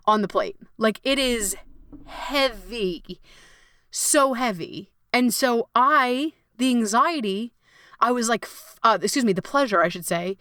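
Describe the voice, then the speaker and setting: A woman's voice: fairly high pitch, unhurried, pushed and bright, no room sound, studio quality. A young adult woman hosting a podcast, talking casually and expressively, swearing freely and acting out her inner voices. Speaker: podcast host and coach. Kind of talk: casual solo podcast monologue.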